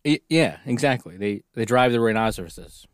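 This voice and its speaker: A man's voice: lowish voice, expressive, normal speed, dry recording, clean studio sound. A man co-hosting a casual comedic chat, joking and reading a story aloud. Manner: joking, reads story aloud, laughs often. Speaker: podcast co-host.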